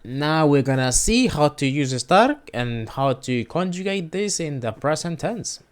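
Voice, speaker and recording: A man leads a relaxed beginner Spanish lesson, talking slowly with a lively, up-and-down pitch. He hesitates often, repeats words and corrects himself as he goes, with keyboard typing behind him. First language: not Spanish. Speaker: language video host. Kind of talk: casual screen-share lesson.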